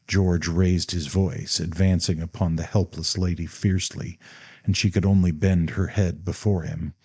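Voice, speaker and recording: A man narrating a classic novel as an audiobook reader, in a measured, steady way. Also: low voice, husky, no room sound.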